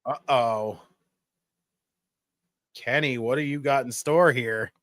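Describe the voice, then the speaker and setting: Profane, excitable male stream host. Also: mid-range voice, slow pace. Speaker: podcast host. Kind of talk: casual watch-party chat.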